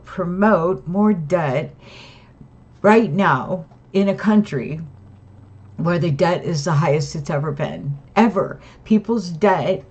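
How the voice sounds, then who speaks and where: A woman's voice: lowish voice, a little mellow. A tired woman rambling and venting to her camera at home, full of restarts and tag questions. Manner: rambling, weary, frequent "right?" and restarts. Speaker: vlogger. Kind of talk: casual venting monologue to camera. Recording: dull lo-fi sound.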